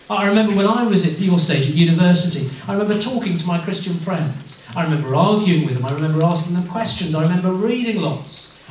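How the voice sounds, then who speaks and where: A man's voice: on the high side, a little mellow, slight background noise. Earnest English man preaching in an echoey room. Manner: earnest, questioning, repeats words when restarting. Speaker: student mission speaker. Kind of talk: evangelistic talk. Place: university lunchtime event room. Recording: echoey room, mic far off.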